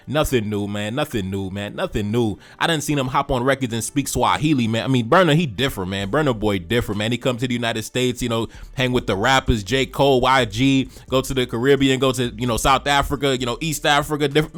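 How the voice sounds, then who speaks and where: A man from Haiti, hosting a music reaction video, talking casually with lots of repeated phrases and shout-outs. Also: mid-range voice.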